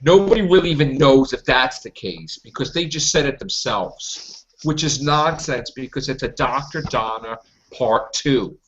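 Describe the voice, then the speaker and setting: A man's voice: medium pitch, lively intonation, a little slow, fairly bright tone. A man hosting a fan podcast, ranting with indignation and repeating himself as he complains. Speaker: podcast host. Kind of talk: heated fan podcast discussion. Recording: lo-fi podcast audio.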